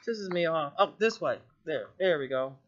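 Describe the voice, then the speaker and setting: A woman's voice: deep voice, expressive, normal speed, muffled recording. A woman talking casually to camera in a rambling vlog, swearing freely and laughing often. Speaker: vlogger.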